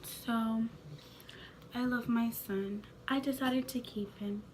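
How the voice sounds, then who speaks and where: Young woman, 19, vlogger; high-pitched, unhurried, soft and whispery, faint background noise. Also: fairly even intonation. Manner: soft, tearful, often breathy and whispery. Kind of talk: emotional personal vlog.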